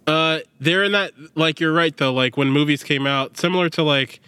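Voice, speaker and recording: A man co-hosting a podcast in casual chat, rambling with lots of fillers and quick laughs. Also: a little high, sharp tone, clear, resonant tone, no room sound. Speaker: podcast co-host.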